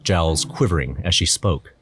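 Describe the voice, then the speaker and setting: A man's voice: low voice, normal speed, a bit bright. A man narrating an audio drama in first person, nervous and wry. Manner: nervous, wry inner monologue. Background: music.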